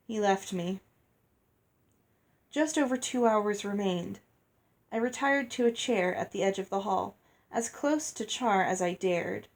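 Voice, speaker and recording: A woman reading a chapter of a novel aloud in a steady, measured storybook manner. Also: mid-range voice. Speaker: reader.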